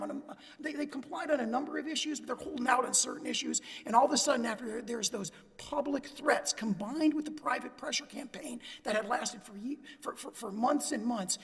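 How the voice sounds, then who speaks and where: A man's voice: very high-pitched, vocal fry, fairly bright tone, slightly rough. A man arguing an appeal before a panel of judges, emphatic and building long hypotheticals. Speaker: lawyer arguing for plaintiffs in appeals court. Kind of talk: formal courtroom oral argument. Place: courtroom. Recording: long reverb of a courtroom.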